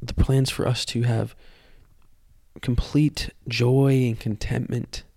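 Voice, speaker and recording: Earnest gravelly-voiced man sharing testimony. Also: medium pitch, level tone, mellow, no room sound, clean studio sound. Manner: earnest, halting, repeats words. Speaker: podcast host. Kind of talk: personal testimony.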